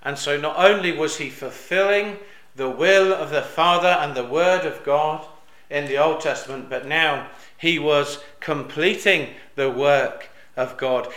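Bright-voiced preacher man in an echoey hall. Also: a little high, takes it slowly. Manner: rises to loud emphatic peaks on quoted cries; hesitant with fillers and restarts, drops soft on reflective lines. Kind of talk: sermon.

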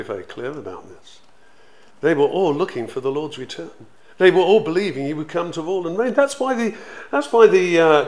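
Animated preacher, slightly high voice. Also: male voice. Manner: conversational, animated storytelling with acted quotes. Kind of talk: sermon teaching.

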